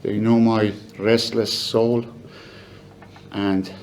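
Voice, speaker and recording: An older man giving a halting, emotional memorial speech for his mother. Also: lowish voice, level tone, a little hiss or hum. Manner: halting, emotional, soft-spoken. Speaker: family member giving a eulogy.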